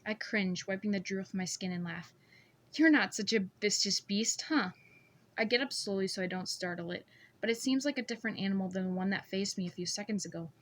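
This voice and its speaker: Brief: woman, amateur audiobook reader, even first-person narration. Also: mid-range voice, quick pace.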